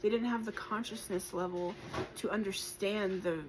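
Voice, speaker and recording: A woman giving a spiritual collective tarot reading, gentle and encouraging, reflective, with many pauses and fillers and moments of emotion. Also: medium pitch, fairly even intonation, background noise. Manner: emotional at times. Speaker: tarot reader.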